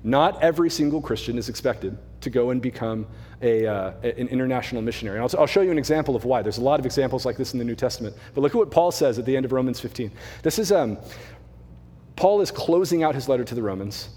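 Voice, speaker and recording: A young man preaching as a mission pastor, his mid-pitched voice talking through scripture in an easy, animated way. The sound rings with the long reverb of a church hall. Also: quick pace. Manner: conversational, animated preaching with asides. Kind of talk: sermon. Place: church sanctuary.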